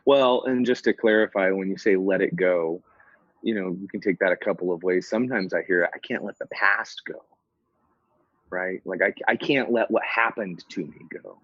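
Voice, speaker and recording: A man with a husky, slightly breathy voice talks as a podcast guest, reflective and fond of telling stories. His sound is dry and a little dull, like a lo-fi recording. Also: low-pitched, normal speed, no room sound. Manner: reflective, storytelling, laughs often, frequent restarts. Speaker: podcast guest, former psychotherapist. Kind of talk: casual conversational interview.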